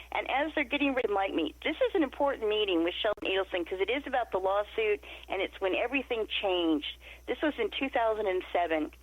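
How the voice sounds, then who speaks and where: Animated woman recounting a story, lo-fi audio. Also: mid-range voice, no room sound. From Nevada. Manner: animated, acts out quoted dialogue. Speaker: interview guest. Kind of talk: storytelling in a podcast interview. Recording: muffled lo-fi remote audio.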